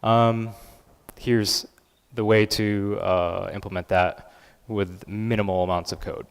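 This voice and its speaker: A man giving a live conference talk and software demo, casual and upbeat with many filler words. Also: fairly low pitch, steady tone, slow pace, gravelly, clean tone. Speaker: conference speaker. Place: large conference hall. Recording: reverberant conference hall.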